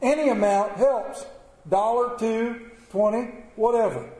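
A man's voice: extremely high pitch, measured pace, a little mellow. A man in church asking the congregation for donations, questioning them directly. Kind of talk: offering appeal in church. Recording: echoey church hall.

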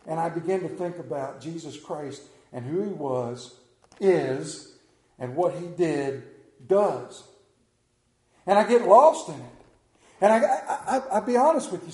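A man preaching a sermon in an emotional, halting way, often repeating his words as he gets carried away. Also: fairly high pitch, darkish tone, reverberant.

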